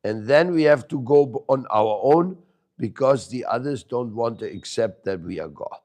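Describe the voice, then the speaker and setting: In a room with a small audience, a man gives a devotional lecture to a live group, teaching a spiritual lesson. His mid-range voice is expressive and a little mellow at a moderate pace. He questions his listeners, jokes and stresses key words.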